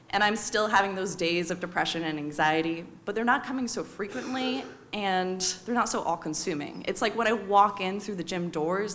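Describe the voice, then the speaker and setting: American woman in her 30s doing a live personal story, wry and confessional, gets animated when she quotes people. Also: mid-range voice, slight background noise. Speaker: storyteller on stage.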